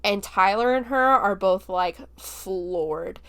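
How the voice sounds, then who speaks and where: A woman's voice: mid-range voice, takes it slowly, a bit bright, clean tone. Chatty woman recapping a film. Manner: chatty, filler-heavy retelling with frequent likes and laughs. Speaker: podcast host reviewing a film.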